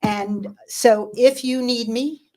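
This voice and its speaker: A middle-aged woman from New Jersey hosting a radio talk show, telling a joke with a deadpan delivery and then signing off. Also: a little high, slow.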